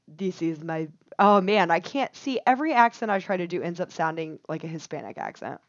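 A woman co-hosting a podcast in casual chat, playful and quick to react. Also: lowish voice, lively intonation, dry recording. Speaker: podcast co-host. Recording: dry, dull-sounding mic.

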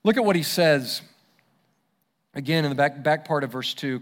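A man's voice: fairly high pitch, lively intonation, moderate pace, pauses often. A man preaching a sermon as pastor, conversational and emphatic. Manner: conversational, emphatic, self-deprecating.

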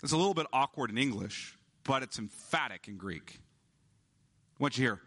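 A male pastor preaching an emphatic sermon, slowing down to stress key words. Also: medium pitch, very animated, fairly bright tone.

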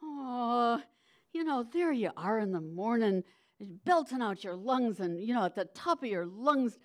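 A woman playing a lusty young washerwoman, crooning high and slow over a pretend baby. Her sing-song voice rises well above her storytelling tone and stretches every word. It sounds a little distant, as if sung out across a stage. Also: lively intonation.

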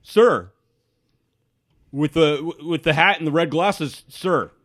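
A man's voice: a little high, takes it slowly, fairly bright tone, pitched above the performer's own voice. A man voicing a fussy, overpolite male city guard who keeps calling people sir. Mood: insistent. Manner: nervous, repeats "sir" insistently.

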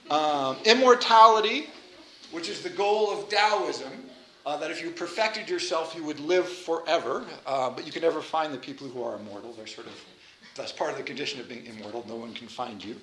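A man giving an informal lecture in a chatty, animated way, with self-deprecating asides. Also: on the high side, a little fast, reverberant, low-quality recording.

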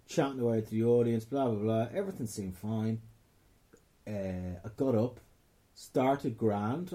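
A dark-toned voice on the low side belongs to a young Irish comedian with a Dublin accent. In casual talk he rambles through a profane story, regularly interrupting himself before finishing a sentence.

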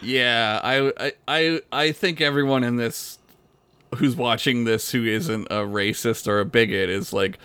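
A man's voice: mid-range voice, steady tone, a little slow, bright, forceful tone, clear, resonant tone, no echo. A man co-hosting a casual podcast, riffing with crude jokes and laughing easily. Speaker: podcast co-host. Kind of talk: casual comedic recap chat.

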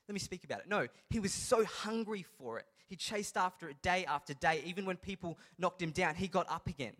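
Energetic young youth pastor preaching. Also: male voice, high voice, fairly quick, hardly any pauses. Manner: storytelling, energetic, rising to emphatic preaching. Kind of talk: sermon. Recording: reverberant hall.

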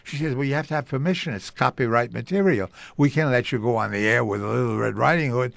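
A man's voice: mid-range voice, fast, gravelly, no echo. An older man telling stories about his early radio career in an interview, acting out the voices of the people he quotes. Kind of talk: storytelling interview.

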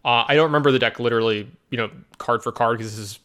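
Animated man telling a story. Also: medium pitch, fast talker. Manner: animated storyteller, acts out quotes. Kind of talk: casual chat about card games.

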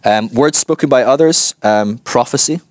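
A man giving an informal church teaching, chatty and animated, acting out voices in his stories. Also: mid-range voice, moderate pace, dry recording. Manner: chatty, animated, acts out quotes.

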